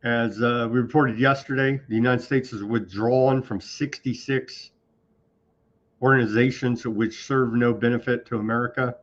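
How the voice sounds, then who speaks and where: A man's voice: mid-range voice, steady tone, normal speed, hardly any pauses. A man hosting an online news show in a loose, off-the-cuff way, with sarcastic asides. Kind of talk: casual online news commentary. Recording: slightly dull lo-fi sound.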